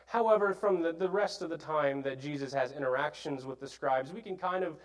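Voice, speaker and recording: A man preaching a sermon, explaining scripture earnestly with frequent pauses, fillers and restarts. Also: on the high side, poor audio.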